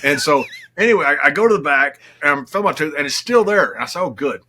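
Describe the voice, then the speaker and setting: An older man, telling lively wrestling-road stories in a casual chat, laughing as he goes. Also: fairly high pitch, fast, a little hiss or hum. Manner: laughing, animated anecdotes with quoted voices. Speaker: guest.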